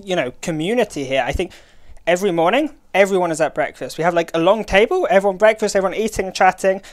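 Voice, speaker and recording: A man's voice: sits high, fast talker. A man casting a live card-game tournament, chatty and out of breath. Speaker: esports caster. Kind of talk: live esports commentary.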